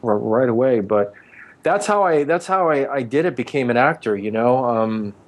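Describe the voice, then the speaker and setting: A man's voice: mid-range voice, lively intonation, normal speed. Man in his forties telling career stories. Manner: rambling anecdotes, acting out quoted speech. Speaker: actor and author, interview guest. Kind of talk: casual interview storytelling.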